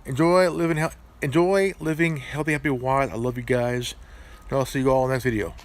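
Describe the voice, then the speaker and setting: A man's voice: mid-range voice, steady tone, a little fast. A man hosting his own channel, talking in a crude, profane vlog rant full of stammered restarts. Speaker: channel host.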